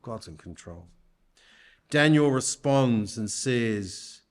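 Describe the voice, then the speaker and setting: A man preaching a sermon in church, speaking deliberately and putting rhetorical questions to his listeners. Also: mid-range voice, lively intonation.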